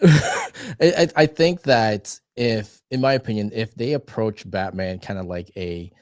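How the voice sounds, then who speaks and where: A young adult man, a guest on a podcast, talking in a rambling, animated way with lots of fillers. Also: fairly low pitch, unhurried, no echo, studio quality. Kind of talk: casual chat.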